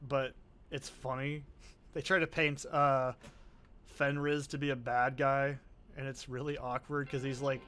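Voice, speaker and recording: A man's voice: mid-range voice, fairly bright tone. A young man giving casual, rambling gameplay commentary, offhand and full of swearing. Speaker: let's play host.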